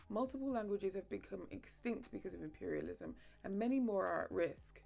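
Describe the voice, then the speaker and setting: A woman hosting a video essay, moving between lively playful asides and steady narration. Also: medium pitch, creaky. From London, England.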